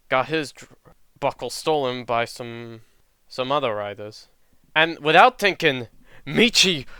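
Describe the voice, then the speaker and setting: A man's voice: fairly high pitch, sharp tone, smooth, no echo. A young man casually telling a made-up fan story, jokey and swearing now and then.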